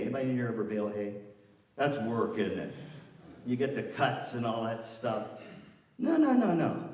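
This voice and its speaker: A man's voice: mid-range voice, darkish tone. Chatty male lecturer in echoey hall. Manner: chatty, teasing, asks the audience questions. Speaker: guest speaker for music educators. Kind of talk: lively lecture with audience questions. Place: large echoey lecture room. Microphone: distant from the microphone. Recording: echoey room from far off.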